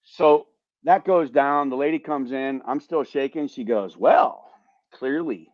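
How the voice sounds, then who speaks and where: An animated man tells a story on a casual podcast, swearing freely and stumbling over repeated words. His voice sits at an ordinary pitch. The recording is dry and a little dull, like a lo-fi mic. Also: unhurried, no room sound. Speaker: podcast host, veteran.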